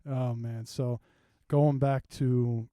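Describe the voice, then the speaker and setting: Dark-voiced man, laughing podcast co-host. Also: medium pitch, little pitch movement, slow pace, no echo. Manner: laughs often, recaps scenes with mock voices. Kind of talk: casual comedic chat.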